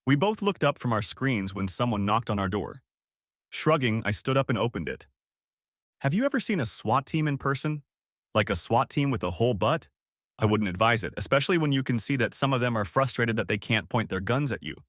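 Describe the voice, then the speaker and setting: A man's voice: medium pitch, animated, a little fast, fairly bright tone, dry recording, studio quality. A man giving dramatic, scripted first-person story narration. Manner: dramatic storytelling, acting out heated lines.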